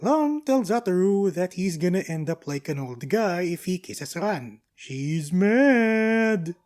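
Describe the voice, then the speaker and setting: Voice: medium pitch, lively intonation, moderate pace, dark tone. An anime reviewer giving a casual episode recap, breezy and full of slangy quips and asides.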